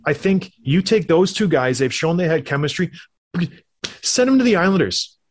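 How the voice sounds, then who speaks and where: A former hockey player co-hosting a casual sports chat, telling stories animatedly and acting out quotes. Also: male voice, on the high side, moderate pace. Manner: animated storyteller, acts out quotes.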